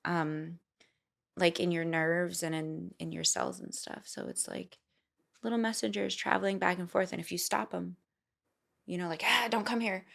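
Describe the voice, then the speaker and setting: Brief: young woman guest on a podcast, chatty, animated, slips into little voices for quotes. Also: on the low side, moderate pace, vocal fry. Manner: animated, acts out quoted inner voices, says "like" often. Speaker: podcast guest, singer and actor. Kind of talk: casual podcast conversation.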